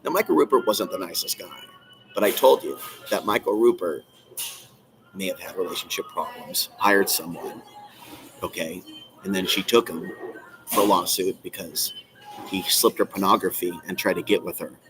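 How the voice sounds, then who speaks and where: A man's voice: low voice, normal speed, over music, rough recording. A man hosting a live stream, ranting in an agitated, rambling, repetitive way from a coffee shop. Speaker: channel host.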